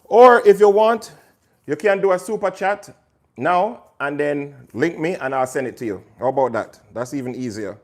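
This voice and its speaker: A man's voice: fairly high pitch, normal speed, a little mellow. A man hosting a casual cooking livestream, chatting to viewers by name while he cooks in a kitchen. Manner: chatty, talks to viewers by name, pushes his cookbook. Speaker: chef and host.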